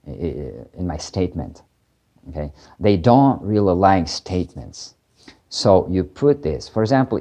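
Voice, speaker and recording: Man, very low pitch, dark mellow tone, casual grammar teacher, halting delivery with quick example bursts. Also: lo-fi sound. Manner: halting, many fillers and restarts, switching into quick Korean examples. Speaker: Korean language teacher. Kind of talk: casual explanatory lesson.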